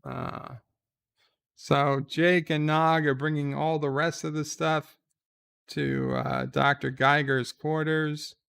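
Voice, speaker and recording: A man giving live reaction commentary, retelling a TV episode in a slow, relaxed way with fillers. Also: on the high side, gravelly, smooth, no echo.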